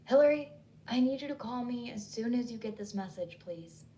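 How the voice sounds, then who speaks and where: An urgent Southern woman, as read by a woman storyteller, pressing her point with a calm, steady insistence. Her Southern accent is light, and her voice sits a little high. A faint hiss runs under the reading. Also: normal speed, far from the mic, natural voice. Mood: urgent, insistent. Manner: calm but pressing, pleading.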